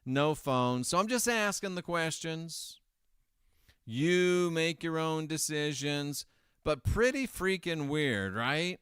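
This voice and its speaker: A man's voice: fairly high pitch, lively intonation, slow, fairly bright tone, clear, resonant tone, no echo, studio quality. A man hosting a casual commentary monologue, sarcastic and rambling with self-correcting asides. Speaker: host.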